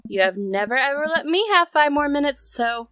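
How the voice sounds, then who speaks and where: A woman's voice: sits high, animated, a little fast, faint music behind, pitched above the performer's own voice. A woman voicing a cheeky, bubbly teenage daughter with a teasing manner. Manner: bright, bouncy, teasing.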